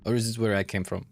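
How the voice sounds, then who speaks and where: A young man with a delivery, commentating a game and reading its text aloud, thinking out loud and laughing often. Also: lowish voice. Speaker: gaming YouTuber. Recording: gravelly voice over faint game ambience.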